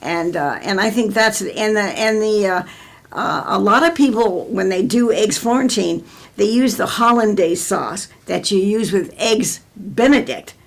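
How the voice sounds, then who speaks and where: A woman's voice: mid-range voice, a little slow, gravelly. An older American woman telling stories in an oral history interview, rambling with many restarts.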